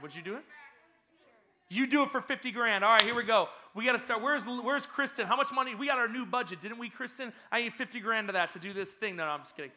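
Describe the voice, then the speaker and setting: A man speaking as a youth pastor to a group of kids, energetic and teasing, quizzing the audience with playful questions. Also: extremely high pitch. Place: church hall.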